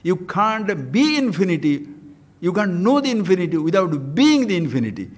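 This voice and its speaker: Older male spiritual teacher, slightly high voice, lively discourse with chanted verses. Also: moderate pace. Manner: animated, acts out quoted dialogue, chants Sanskrit verses.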